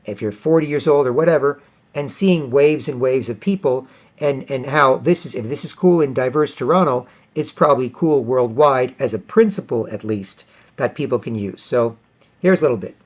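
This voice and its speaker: A man's voice: medium pitch, moderate pace. A middle-aged man vlogging in a rambling monologue. He repeats himself and often asks "right?". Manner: repetitive, asks "right?" often, jumps between topics. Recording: dull lo-fi recording.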